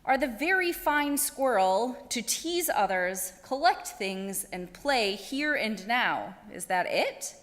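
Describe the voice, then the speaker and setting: A woman voicing a calm, wise female owl, speaking slowly and drawing out her questions. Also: fairly high pitch, big-room sound. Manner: slow, calm and drawn-out.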